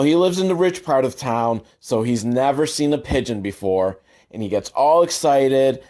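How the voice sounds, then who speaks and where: A man's voice: mid-range voice, darkish tone. Rambling sarcastic man riffing on a movie. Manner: rambling, sarcastic, self-deprecating asides. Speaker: movie commentary host. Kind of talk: casual comedic movie commentary.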